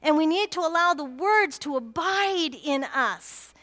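A woman's voice: high voice, lively intonation, measured pace, fairly bright tone. A woman pastor preaching a sermon, earnest and emphatic, repeating key phrases for weight.

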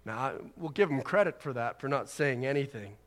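A man's voice: medium pitch, lively intonation, a little fast, long reverb tail. A man preaching a sermon, chatting along casually and then building to emphatic exhortation. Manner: conversational, rising to emphatic exhortation. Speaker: pastor.

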